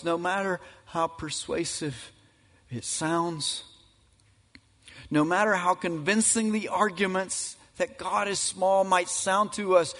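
A man preaching a sermon as pastor, emphatic and building to loud climaxes. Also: high-pitched, fairly even intonation, takes it slowly. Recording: reverberant hall.

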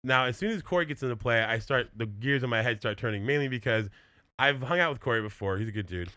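A man's voice: medium pitch, lively intonation, fast talker, pushed and bright, dry recording, studio quality. A man co-hosting a podcast, telling a rambling, profane anecdote in casual chat with lots of filler words. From born in California, early years in Minnesota. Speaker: podcast co-host.

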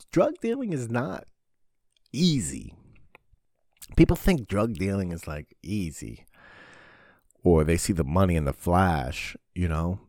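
A deep-voiced man rambles through a crude comedy podcast monologue, swearing freely and swinging his voice up and down. He jumps from low mutters to sudden loud outbursts. The sound is dry and close to the mic. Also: dry recording. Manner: profane, rambling, jokey with sudden loud bursts. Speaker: podcast host.

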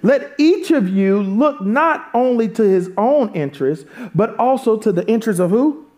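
A pastor preaches a sermon, shifting between relaxed, joking asides to the congregation and raised, emphatic calls. His high voice is expressive and a little mellow, at a moderate pace.

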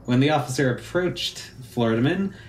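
A man's voice: medium pitch, lively intonation, normal speed. A man co-hosting a casual chat podcast, rambling with many fillers and joking around. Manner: rambling, lots of uh fillers, playful put-on voices. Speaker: podcast co-host. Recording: echoey room.

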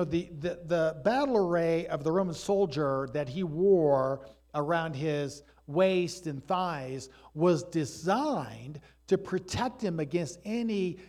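A man preaching a sermon, telling Bible stories with lively animation and acting out the characters. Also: on the high side. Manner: animated storytelling preacher, acts out voices in stories. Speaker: pastor.

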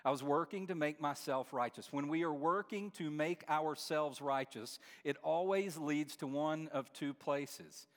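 Preaching a sermon with sincere conviction, a pastor circles back over his phrases before building to forceful, emphatic climaxes. For a man, his voice is slightly high, and he speaks a little slowly with few pauses. A long reverb tail from a large church hall hangs on the sound.

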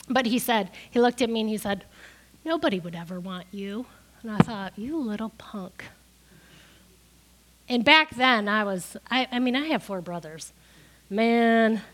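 A woman's voice: a little high, a bit bright. Tearful woman preaching a sermon. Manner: emotional, tearful testimony with rising emphatic peaks. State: crying.

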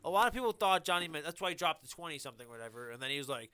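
A man's voice: fairly high pitch, racing, a little hiss or hum. A man co-hosting a podcast, talking sports casually and quoting people in put-on voices, with lots of fillers. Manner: animated, quotes people in voices, many fillers. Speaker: podcast co-host.

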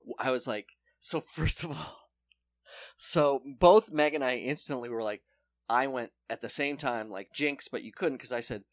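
A young man co-hosting a casual podcast, retelling a story with lively acted-out quotes. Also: mid-range voice, moderate pace, no echo, clean studio sound. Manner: animated storyteller acting out quotes. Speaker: podcast co-host. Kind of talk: casual chat, retelling a true crime show.

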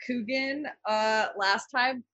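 A woman co-hosting a casual podcast, halting and scattered, often losing her train of thought. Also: on the high side, a bit bright, no room sound. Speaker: podcast co-host. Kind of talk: casual chat. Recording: dull, dry lo-fi mic.

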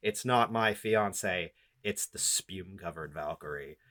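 A man's voice: deep voice, unhurried, a bit bright. A man muttering as a cursed warrior. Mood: bewildered.

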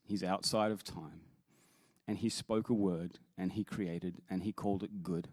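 A man's voice: low voice, fairly even intonation, measured pace, darkish tone, no echo, clean studio sound. A man speaking as a worship leader, giving an earnest sermon-style talk that stumbles over restarts and then rises into emphatic quoted scripture.

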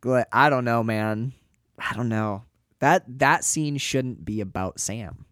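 A man's voice: medium pitch, slow pace, fairly bright tone, clean tone, no echo, clean studio sound. A man hosting a casual film podcast, wry and sarcastic, swearing casually as he picks apart scenes. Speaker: podcast host.

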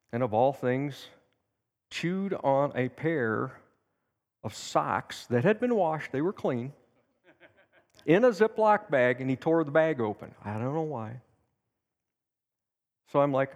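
A man's voice: medium pitch, long reverb tail, muffled recording. A man teaching at a church service, telling a personal story in a folksy way and acting out the quotes. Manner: anecdotal, folksy, with lively acted quotes. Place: church sanctuary.

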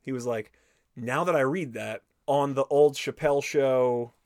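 A podcast host reads an interview aloud, full of swearing and quoted back-and-forth. His voice sits at an ordinary middle pitch, recorded dry and close with no room around it. He stops now and then to add his own remarks. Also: measured pace, no echo. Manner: animated, profane storytelling, switching between reading and commenting.

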